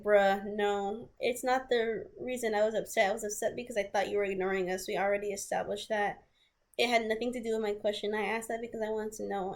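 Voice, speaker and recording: Woman vlogger, storytime read-through of old texts, rambling, blunt and sweary. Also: mid-range voice. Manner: rambling, reads messages aloud with restarts and asides; blunt and casual, swears freely. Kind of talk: casual storytime, reading out old messages.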